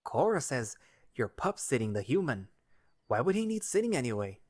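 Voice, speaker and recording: A man's voice: medium pitch, sing-song, normal speed. A man voicing a jovial older male wolf baker with a folksy, teasing manner.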